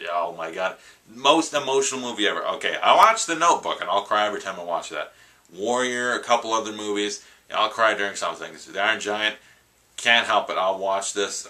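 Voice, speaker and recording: Male vlogger doing a rambling, enthusiastic movie review; lowish, very bright tone. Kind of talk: casual vlog review.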